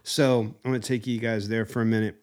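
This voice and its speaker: Animated male podcast host telling stories. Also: lowish voice, fast. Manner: animated, acts out scenes with funny imitations. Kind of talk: casual storytelling chat.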